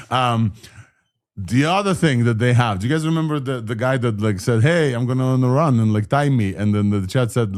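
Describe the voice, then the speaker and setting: A man's voice: mid-range voice, no echo, studio quality. A man hosting a live tech show in a casual, chatty way, often giving spoken commands to a voice assistant. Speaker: podcast host.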